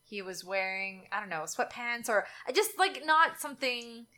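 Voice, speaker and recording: A young woman, telling a dating story in casual chat and acting out the quotes with big jumps in pitch. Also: expressive, normal speed, pushed and bright.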